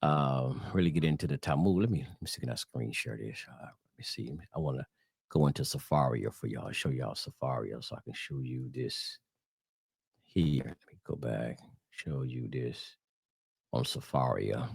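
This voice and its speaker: Southern man, very low voice, rambling casual teaching, dry close mic. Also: normal speed, vocal fry, breathy edge, dry recording. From Southern United States. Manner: rambling, addresses viewers as y'all, many fillers and restarts. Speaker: religious channel host.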